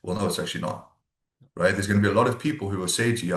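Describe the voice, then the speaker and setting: The voice is fairly low and racing: a South African man co-hosting a podcast, talking casually and bluntly. He swears without restraint while acting out his friends' lines, and the recording echoes.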